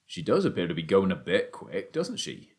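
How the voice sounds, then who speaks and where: A man doing a low-voiced rural father. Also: wildly swooping pitch, moderate pace, heavily acted. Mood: earnest.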